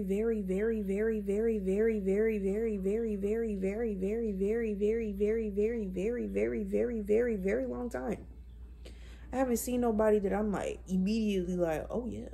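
A young woman in her twenties chats on camera in a blunt, profane, animated way. Her voice is husky, with a dark, mellow tone. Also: medium pitch. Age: 20s. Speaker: vlogger. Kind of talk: casual chat.

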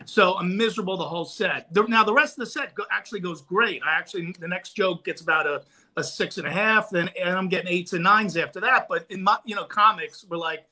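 A man's voice: high-pitched, fast talker. A man telling a stand-up comedy story casually on a podcast, acting out the quotes. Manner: animated, acts out quotes. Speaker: guest comedian. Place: podcast studio.

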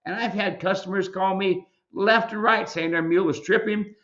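Emphatic, folksy male host lecturing on air, with a slightly high, forceful voice and dull, lo-fi audio. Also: fairly even intonation, normal speed. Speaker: mule ranch owner and show host. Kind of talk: live video Q&A commentary.

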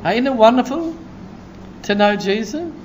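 High-voiced, slow-preaching pastor. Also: male voice, a little hiss or hum. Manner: lively storytelling preacher, shouts of praise. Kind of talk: sermon.

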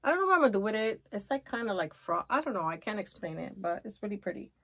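A woman chatting excitedly and gushing as she shows off a shopping haul in a casual vlog. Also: medium pitch, fast. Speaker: haul vlogger.

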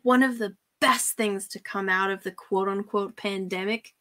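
A woman's voice: mid-range voice, fairly even intonation, normal speed, fairly bright tone. A woman hosting her own channel, ranting profanely with scornful, sarcastic mockery and frequent laughter. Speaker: channel host.

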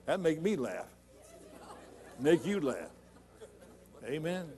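A middle-aged man preaching a sermon in a church, folksy and conversational, building to loud emphatic points. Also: a little high, expressive, normal speed, long pauses, some chatter behind. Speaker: pastor.

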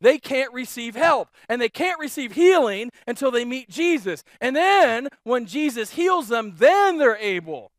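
A man preaching a sermon as pastor, telling stories in a lively way and repeating phrases for emphasis. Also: very high voice, unhurried, hardly any pauses, no room sound, studio quality. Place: church.

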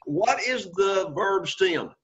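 A man lectures a classroom on Greek grammar, often checking in with students. His voice sits fairly high for a man, and he keeps it encouraging. The lo-fi classroom recording sounds dull and muffled. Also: lively intonation, slow pace, fairly bright tone. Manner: encouraging, quizzes students, frequent "okay?" and "right?" checks. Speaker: Greek teacher.

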